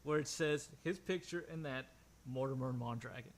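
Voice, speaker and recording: A young man narrating as game master in a tabletop game, animated and laughing, with many fillers. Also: mid-range voice, normal speed.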